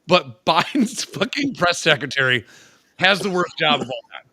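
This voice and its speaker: A man co-hosting a podcast in casual chat, animated and crude, rambling with lots of swearing. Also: on the high side, normal speed, no room sound, studio quality. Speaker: podcast co-host.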